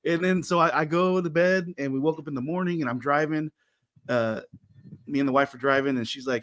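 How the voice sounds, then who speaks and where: A man in his forties telling a story in casual chat, animated and acting out the voices of the people in it. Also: a little high, a little fast, no room sound, studio quality. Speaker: podcast co-host.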